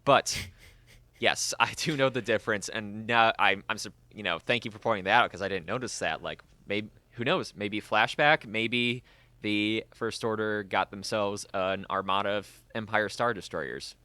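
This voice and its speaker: A man's voice: fairly low pitch, moderate pace, pushed and bright, no room sound. A young man co-hosting a casual podcast, joking and teasing himself in banter. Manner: joking, self-mocking banter. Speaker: podcast co-host. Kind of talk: casual chat.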